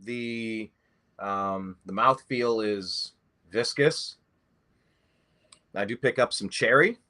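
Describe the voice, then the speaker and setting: Male host, bright tone, easygoing chat, playful rambling delivery. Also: lowish voice, slow. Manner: playful, rambling, mock-grand intros. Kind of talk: casual podcast chat. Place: Louisville, Kentucky.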